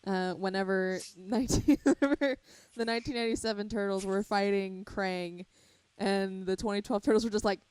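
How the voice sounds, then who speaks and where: A woman's voice: medium pitch, fairly even intonation, normal speed, darkish tone, clean tone, no echo. A young woman co-hosting a casual fan podcast, speaking hesitantly with many fillers and frequent giggles. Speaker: podcast co-host.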